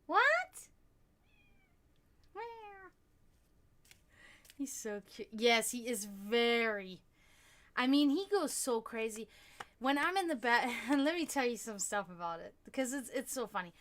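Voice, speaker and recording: A woman's voice: a little high, animated, measured pace, long pauses, fairly bright tone. A woman hosting a casual livestream, chatting with viewers and laughing often as she talks. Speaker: livestream host.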